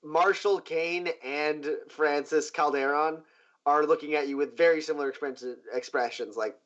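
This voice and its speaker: A man narrating a tabletop game as game master in a relaxed way, full of fillers and little sound effects. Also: a little high, normal speed. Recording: muffled lo-fi recording.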